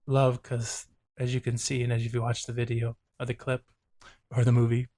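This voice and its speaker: Male therapist host, earnest reflective reaction commentary, flat delivery, dry close recording. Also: mid-range voice, moderate pace, no room sound. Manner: earnest, reflective, openly emotional.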